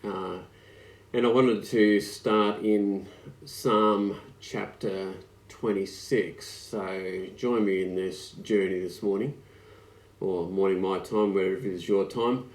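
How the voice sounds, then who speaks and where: A man preaching an online sermon, speaking slowly and reflectively with frequent pauses and fillers. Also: low voice, fairly even intonation. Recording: echoey room.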